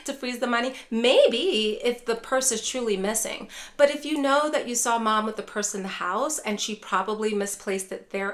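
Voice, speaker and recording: A woman's voice: fairly high pitch, a bit bright. A woman neuropsychologist teaching dementia caregivers in a direct-to-camera lesson, repeatedly addressing viewers as care partners.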